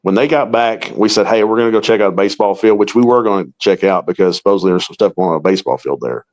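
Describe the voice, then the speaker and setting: A man's voice: lowish voice, racing, darkish tone, low-quality recording. A middle-aged man, a paranormal investigator, telling a long story in an interview and acting out the quoted dialogue.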